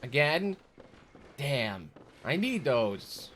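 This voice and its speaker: A man's voice: sing-song, extremely slow, fairly bright tone, a little hiss or hum. Exasperated man streaming a game. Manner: exasperated, talks to the game, jumps to high-pitched outbursts. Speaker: gaming streamer. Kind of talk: casual live game commentary.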